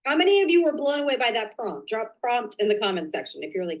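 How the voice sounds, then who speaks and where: A woman hosting a live online business training, chatty and excitable, talking to viewers and muttering to herself while she fixes her slides. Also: fairly high pitch, quick pace, highs cut off. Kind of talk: casual live-stream coaching.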